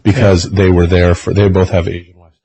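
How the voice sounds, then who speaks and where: A man's voice: low voice, level tone, brisk, warm tone, breathy edge, dry recording, poor audio. A man joking and reacting in a casual podcast chat. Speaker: podcast co-host.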